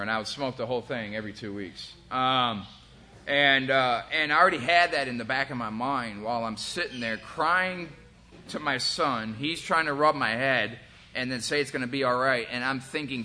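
A man's voice: mid-range voice, brisk, sharp tone, slight background noise. A man in his forties giving a candid, rambling personal testimony about recovery, profane and full of fillers. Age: 40s. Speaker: recovery speaker.

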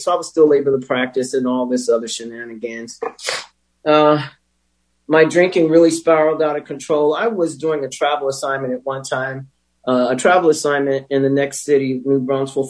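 A man telling his recovery story as a personal testimony, candid and wry, with emotional pauses. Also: fairly high pitch, a little mellow, poor audio. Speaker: speaker sharing a recovery story.

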